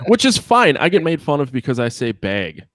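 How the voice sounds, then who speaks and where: A man's voice: mid-range voice, fairly bright tone, no room sound, clean studio sound. A man with a Wisconsin accent, a podcast host telling rambling, profane stories in casual chat.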